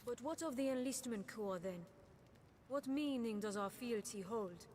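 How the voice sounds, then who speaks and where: A woman's voice: a little high, a little slow, a little mellow, close to an everyday voice. Woman as an earnest troubled captain, formal speech, faint background noise.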